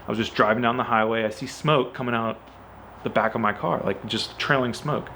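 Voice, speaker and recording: Guy rambling thru his car story, lots of likes and you knows, acts out the dialogue, mid pitch, faint room hum. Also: a little fast. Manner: chatty, fills with "like" and "you know"; animated, acts out quoted dialogue. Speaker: car owner. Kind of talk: casual storytelling to camera.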